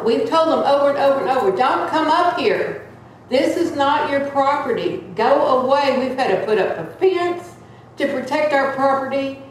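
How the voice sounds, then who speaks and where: Loud earnest woman preaching in church. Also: high voice, a little hiss or hum. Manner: earnest and plain-spoken. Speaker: church member giving a talk. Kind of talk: sermon-style talk. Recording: echoey room from far off.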